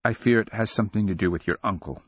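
Empress mother, anxious and volatile, prone to outbursts, put on by a male narrator; husky, lo-fi. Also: on the low side, fast talker, no echo, pitched above the performer's own voice. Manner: impassioned, breaking into outbursts.

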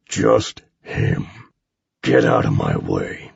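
A menacing, misshapen giant of a man, put on by a male narrator, forces each word out through clenched teeth. The growl is rough and husky, sitting deep and quiet. It has a dull, muffled sound. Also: wildly swooping pitch, extremely slow, no echo, exaggerated voice. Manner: low, gritted-teeth growl.

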